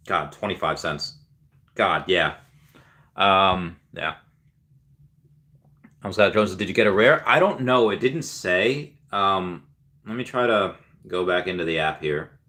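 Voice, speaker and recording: Low-voiced man reading livestream chat. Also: animated, unhurried, long pauses. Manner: reads viewer comments aloud, many ums, cheers loudly for winners.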